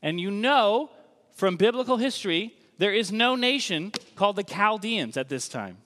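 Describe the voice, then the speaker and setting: A man preaching a sermon in a conversational, emphatic way, slowing down to stress key lines. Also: sits high, big pitch swings, fairly bright tone. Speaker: pastor. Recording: long reverb of a large hall.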